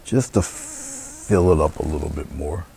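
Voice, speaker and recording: Male painting instructor, bass register, gravelly; easygoing live demo patter. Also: measured pace, a little hiss or hum. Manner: relaxed, chatty, thinking aloud.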